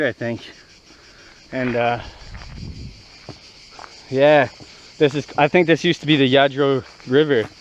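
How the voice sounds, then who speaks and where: A man's voice: mid-range voice, fairly bright tone, muffled recording, a little hiss or hum. A young man from Canada vlogging casually outdoors at ancient ruins, rambling and swearing as he walks. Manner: brash, profane, rambling banter. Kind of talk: casual walking vlog.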